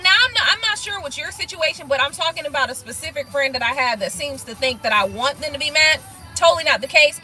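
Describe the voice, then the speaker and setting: A woman hosting a casual tarot live stream, reading viewer comments and talking bluntly with lots of swearing and quick laughs. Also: high voice, rough recording. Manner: blunt, profane, animated, laughs things off.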